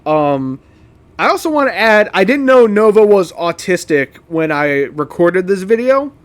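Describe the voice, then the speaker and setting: A high-pitched man talks loosely over his own old video, with plenty of "um"s and "like"s. He laughs easily, swears without a second thought, and sounds like a casual reaction creator. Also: big pitch swings, unhurried. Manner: laughs often, swears casually, rambling fillers.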